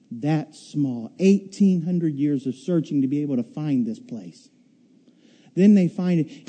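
A man delivering a sermon with a high, clearly raised voice and a very mellow, soft tone. He tells stories animatedly and acts out voices, then eases into a quiet, low delivery to make his point. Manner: animated storytelling, acts out riders' shouts and screams. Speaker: pastor.

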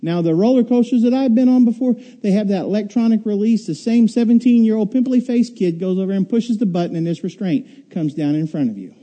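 A man delivering a sermon with a high, clearly raised voice and a very mellow, soft tone. He tells stories animatedly and acts out voices, then eases into a quiet, low delivery to make his point. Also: fairly quick, hardly any pauses. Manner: animated storytelling, acts out riders' shouts and screams. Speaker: pastor.

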